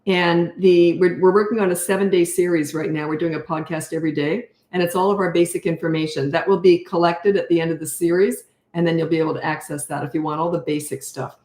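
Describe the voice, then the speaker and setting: This older Canadian woman speaks fast in a lowish, steady, slightly mellow voice with few pauses. A parenting coach on a live stream, she chats casually, spins rambling stories, and laughs often, all in an echoey room.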